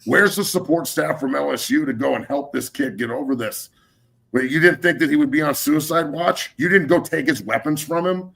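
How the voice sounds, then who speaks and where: A man's voice: fairly high pitch, moderate pace, creaky, a bit bright. A middle-aged man hosting a sports talk show, ranting in a heated, profane way and getting fired up. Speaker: podcast host.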